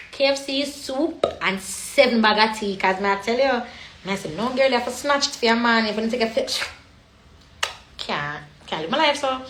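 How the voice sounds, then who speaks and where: A Jamaican woman chats casually on a livestream, drifting in and out of patois. Her voice sits a little high and sounds bright and sharp. The phone picks her up in an echoey room. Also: animated, moderate pace, a little hiss or hum. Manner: chatty, slipping in and out of patois. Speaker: livestream host.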